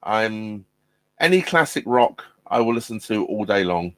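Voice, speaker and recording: A man's voice: lowish voice, expressive, measured pace, fairly bright tone, no echo. Rambling man on a live stream. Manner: rambling and hesitant, many ums and restarts. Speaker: vlogger hosting a live stream. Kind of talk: casual live-stream chat. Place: inside a narrowboat cabin. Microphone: laptop mic.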